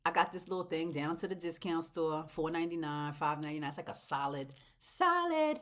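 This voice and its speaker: A woman hosting a casual plant vlog, talking straight to her viewers in a chatty, heartfelt way, swinging between loud exclamations and soft near-whispers. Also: low-pitched, little pitch movement, fast. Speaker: plant channel host.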